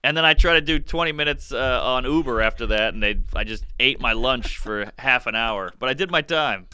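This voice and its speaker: A man with a very bright, crisp voice tells stand-up stories in a podcast chat. He acts out what people said with sudden leaps in pitch. The sound is close and dry. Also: a little fast, no room sound. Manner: acts out quotes with big jumps in pitch. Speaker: stand-up comedian telling stories. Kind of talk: podcast chat, comic storytelling.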